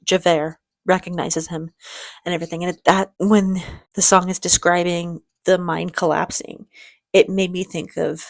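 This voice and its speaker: A woman's voice: fairly low pitch, level tone, moderate pace, creaky, dry recording. A woman hosting a reaction video, talking in a chatty, rambling way with easy laughter and sounding emotional, close to tears. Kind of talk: casual reaction chat.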